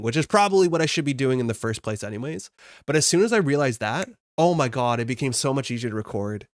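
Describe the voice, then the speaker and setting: A man's voice: medium pitch, no room sound, clean studio sound. A young man streaming live, chatting casually and rambling as he reads chat aloud. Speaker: card game streamer.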